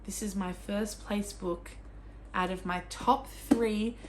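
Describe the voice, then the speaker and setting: A young Australian woman talking casually about books as a vlogger, gushing and excitable, with sudden squeals and swearing. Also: mid-range voice, a little slow, background noise. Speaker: book vlogger. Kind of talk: casual chat.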